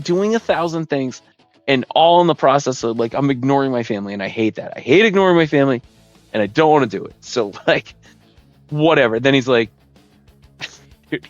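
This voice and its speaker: A man's voice: mid-range voice, animated, brisk, no room sound, highs cut off, soft background music. A man hosting a podcast from his basement, ranting with profanity in a casual, rambling way and acting out his friends in put-on voices. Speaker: podcast host. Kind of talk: casual comedic rant. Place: home basement gaming room.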